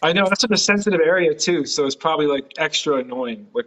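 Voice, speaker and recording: A man's voice: fairly high pitch, lively intonation, fast, fairly bright tone, a little hiss or hum, poor audio. A man hosting a casual chat, rambling and hesitant, swearing casually. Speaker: podcast host.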